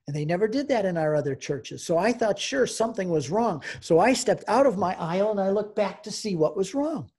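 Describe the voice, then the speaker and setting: Husky-voiced older man telling his story. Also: high voice, expressive, fairly quick, hardly any pauses, darkish tone. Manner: storytelling, emotional, acts out quoted dialogue. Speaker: guest speaker. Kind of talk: personal testimony lecture.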